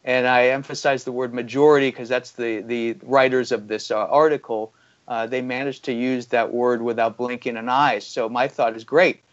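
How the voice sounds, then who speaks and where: A man's voice: medium pitch, steady tone, normal speed, muffled recording. A man giving critical economic commentary as an interview guest, arguing his points with frequent fillers. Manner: critical, argumentative, many fillers.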